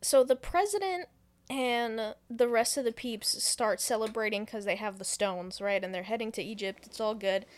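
A young woman co-hosting a casual podcast, animatedly retelling a movie plot with swearing, laughter and quick character voices. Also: a little high. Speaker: podcast co-host retelling a film. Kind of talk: casual chat.

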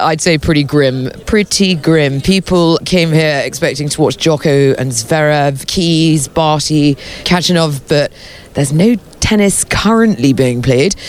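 Brief: high-pitched male reporter, playful roving chat outdoors in the rain. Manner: chatty, playful, quick asides. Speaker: host reporter. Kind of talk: roving on-site reporting and interviews. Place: outdoors at a tennis venue in the rain.

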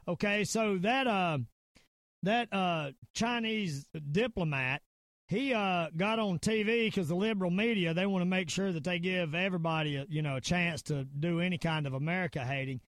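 A man's voice: sits high, moderate pace, fairly bright tone, no echo. A man with a Southern US accent hosting a podcast, ranting in a rambling, emphatic way full of fillers and restarts. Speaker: podcast host. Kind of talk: casual conspiracy-minded rant.

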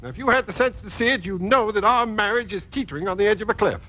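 A sarcastic jealous husband. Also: male voice, high voice, fast talker, sharp tone. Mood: earnest. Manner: dry sarcasm, teasing. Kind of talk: 1950s radio acting. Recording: dull lo-fi old radio broadcast.

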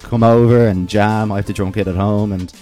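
A man's voice: fairly low pitch, steady tone, a little fast, warm tone, faint music behind. A man with a Dublin accent, the band's drummer, telling stories in a laid-back way in a radio studio. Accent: Dublin Irish. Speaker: band drummer guest. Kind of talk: casual interview chat.

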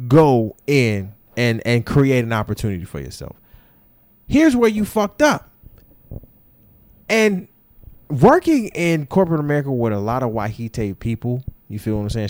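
A man venting as a podcast host, his fairly high voice leaping up and down as he rants. He talks in loud, profane slang and mocks people by putting on their voices. The sound is dry and close, with no room echo. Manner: mocks others in put-on voices. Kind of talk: ranting opinion podcast.

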